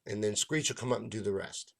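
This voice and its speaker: A man's voice: fairly low pitch, fast, vocal fry. A man quoting a bossy club owner. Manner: bossy, insistent. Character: angry, pushy male comedy club owner.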